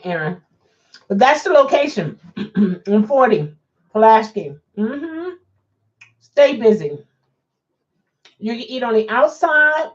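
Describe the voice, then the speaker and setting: A woman's voice: mid-range voice, a little mellow. A woman chatting casually on a live stream as a rideshare driver, answering viewer comments and laughing often. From Baltimore. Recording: dull lo-fi sound.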